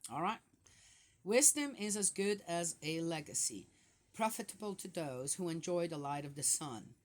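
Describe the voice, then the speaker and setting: Lively older woman musing on scripture. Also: fairly low pitch, moderate pace. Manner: chatty, with frequent rhetorical "Yes?" and "Right?" asides; laughs often while talking. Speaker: Bible study host. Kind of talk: casual Bible commentary.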